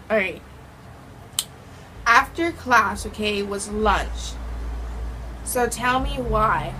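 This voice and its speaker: Teen girl vlogger, dramatic storyteller, slightly high voice, faint hiss behind. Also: rough recording. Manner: animated, dramatic retelling with quoted voices. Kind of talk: casual storytime vlog.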